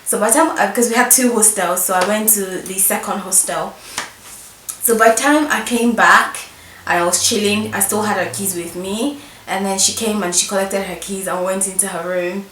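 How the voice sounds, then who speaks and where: A young woman telling a mischievous story from her school days in an animated, emphatic way. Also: medium pitch, normal speed, a little hiss or hum. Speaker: vlogger. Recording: roomy echo, distant mic.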